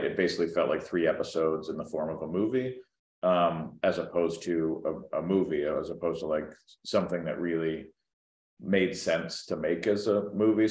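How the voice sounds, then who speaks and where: Deep-voiced actor in an echoey room. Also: male voice, a little mellow. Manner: thoughtful, hesitant with many ums, teasing. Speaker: actor guest. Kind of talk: casual press interview. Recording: roomy echo.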